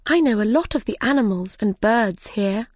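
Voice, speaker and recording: A curious young storybook girl thinks aloud, quiet and a little wistful, as a woman puts her on. Her voice sits a bit above the narrator's plain pitch. It sounds dry and close. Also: lively intonation, normal speed, no room sound, close to an everyday voice.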